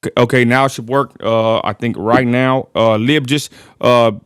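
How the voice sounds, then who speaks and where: A man's voice: medium pitch, steady tone, moderate pace, smooth, no echo, clean studio sound. Drawling West Texan man hosting a livestream. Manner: rambling, apologetic, keeps saying y'all. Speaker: livestream host. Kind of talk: casual livestream commentary.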